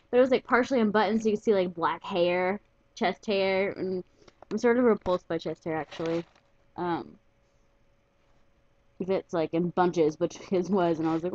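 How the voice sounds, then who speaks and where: A woman's voice: medium pitch, moderate pace, muffled recording. Chatty young woman telling a story. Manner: chatty, giggly, lots of "like" fillers. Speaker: vlogger. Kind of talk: casual storytelling vlog.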